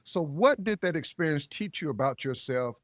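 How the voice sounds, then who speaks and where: A man's voice: a little high, expressive, normal speed, no echo, clean studio sound. A man hosting an interview podcast, reflecting on the guest's stories and affirming them, with occasional laughs. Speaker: podcast host. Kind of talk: interview talk.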